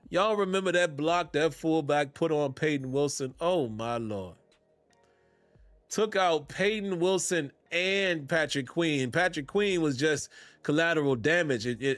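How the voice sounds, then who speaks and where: A man's voice: fairly high pitch, fairly bright tone, dry recording. A man hosting a sports fan podcast, talking casually with easygoing slang and frequent laughs. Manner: laid-back Southern-tinged slang, laughs often. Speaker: podcast host.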